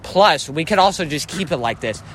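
A man's voice: on the high side, expressive, normal speed, fairly bright tone. A young man co-hosting a podcast, chatting crudely and joking while walking outside on a city street. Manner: crude, joking, tells jokes with put-on voices. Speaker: podcast co-host. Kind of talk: casual chat while walking outdoors. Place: city street outdoors with traffic. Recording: street noise behind.

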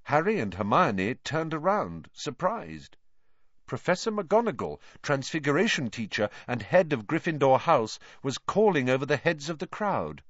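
A man narrating a storybook reading in an expressive, animated way. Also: a little high, moderate pace, no echo. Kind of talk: audiobook reading. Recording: dry, dull lo-fi.

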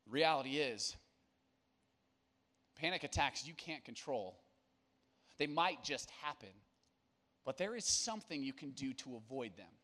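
A man's voice: medium pitch, animated, unhurried, pauses often, a bit bright. A young man preaching to young people at church, casual and joking, then turning earnest. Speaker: youth pastor.

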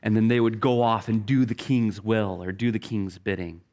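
A man's voice: fairly low pitch, level tone, a little mellow. Earnest middle-aged male preacher. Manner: earnest, storytelling, slows down for key phrases. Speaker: pastor. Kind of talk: sermon.

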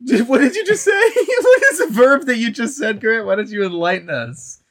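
Man, podcast co-host, teasing, crude, lively pitch. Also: moderate pace. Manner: teasing, crude, laughs often. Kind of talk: casual chat. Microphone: studio microphone.

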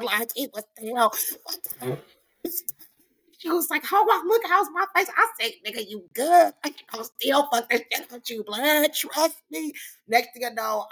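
A woman on a casual podcast tells a story in a bright, forceful voice, laughing as she goes. She acts out what others said and swears freely in loose slang. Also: on the high side. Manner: animated, laughs often, acts out quoted voices; profane, slangy. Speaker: podcast co-host.

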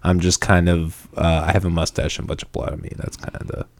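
A man's voice: low voice, flat delivery, fast talker, dry recording. A young man hosting a podcast in casual chat, jokey and self-mocking, laughing often. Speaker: podcast host.

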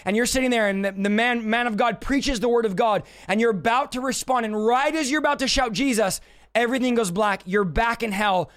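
A man's voice: very high voice, brisk, few pauses, fairly bright tone. A man preaching a sermon, speaking urgently and telling vivid stories that act out desperate pleas.

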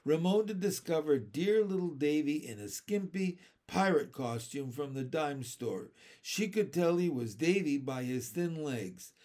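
A man narrating a children's book aloud with steady, expressive storytelling. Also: a little high, measured pace, few pauses.

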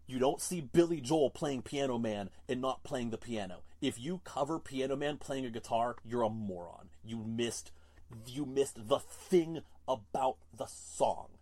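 A man's voice: medium pitch, a little slow, a little mellow. Exasperated ranting man on a podcast. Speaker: podcast co-host. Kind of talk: casual podcast chat.

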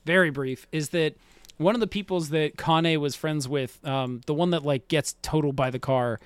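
Giggly higher-voiced man recapping an anime. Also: moderate pace, clean tone, no echo. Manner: laughing, rambling, full of "like" fillers. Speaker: podcast co-host. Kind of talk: casual chat.

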